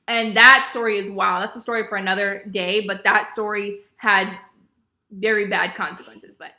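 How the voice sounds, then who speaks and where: A young woman vlogger telling a personal story in casual, animated storytime style, acting out what others said. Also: mid-range voice, normal speed. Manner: animated, acts out quotes of others. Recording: echoey room.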